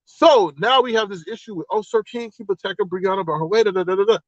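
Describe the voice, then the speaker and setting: Animated man telling gossip on a livestream. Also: high voice, quick pace, dry recording, lo-fi sound. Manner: animated storyteller who acts out quoted exchanges. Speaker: livestream host. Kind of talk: casual gossip commentary to a live chat.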